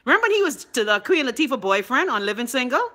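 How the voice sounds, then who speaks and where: A woman's voice: high voice, very animated, quick pace, fairly bright tone. A middle-aged Bahamian woman co-hosting a show, chatting casually with a sassy, bossy teasing manner. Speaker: radio co-host. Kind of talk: casual chat.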